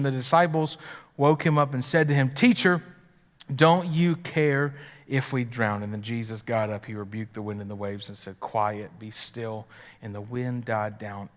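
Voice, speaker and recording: A male pastor preaching live to his congregation in a church hall, and his voice carries a long reverb off the room. His pitch sits mid-range. His delivery rises into loud, eager bursts and then drops to soft, hushed lines. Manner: dynamic preaching, swings from loud and excited to hushed and quiet. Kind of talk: live sermon. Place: church sanctuary.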